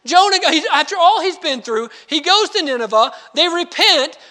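High-voiced bright male preacher in reverb. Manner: animated, acts out quoted lines with sudden pitch jumps; reads scripture slowly and deliberately. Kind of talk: sermon. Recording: long hall reverb.

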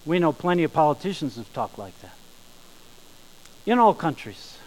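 A man preaching a sermon, emphatic, slowing down and rising in volume on key phrases. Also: fairly high pitch, animated, rough recording. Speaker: pastor.

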